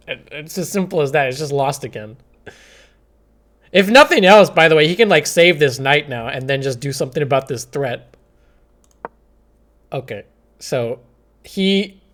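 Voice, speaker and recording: Exasperated young man streaming chess. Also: a little high. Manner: exasperated, swings between shouting and mumbling. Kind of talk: live stream commentary.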